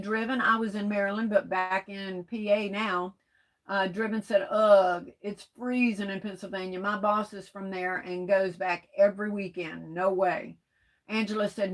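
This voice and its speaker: A woman's voice: mid-range voice, fairly even intonation, normal speed, rough recording. A woman hosting a casual live stream, reading viewer comments aloud and answering them with pet names like baby and sweetheart in loose, folksy talk.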